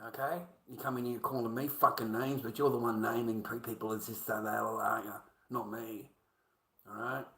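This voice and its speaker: A man's voice: medium pitch, flat delivery, normal speed, fairly bright tone, poor audio. A man with an Australian accent, rambling on a live stream in a coarse, slangy, combative way, often trailing off into mumbles. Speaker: livestreamer.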